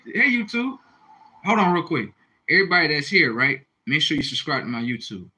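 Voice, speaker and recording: Brief: male livestream host, husky and bright, loose and profane. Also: mid-range voice, low-quality recording. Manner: profane, animated, rambling, reads viewer comments. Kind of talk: casual livestream chat.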